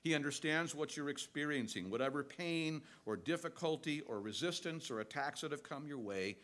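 A middle-aged male pastor preaching a sermon, animated and storytelling, swinging between loud and soft. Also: a little high, moderate pace.

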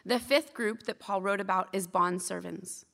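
Church lady preaching, bright clear voice, chatty and honest about her own slipups. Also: medium pitch, moderate pace. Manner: candid, self-deprecating storytelling. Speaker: church teacher. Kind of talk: sermon.

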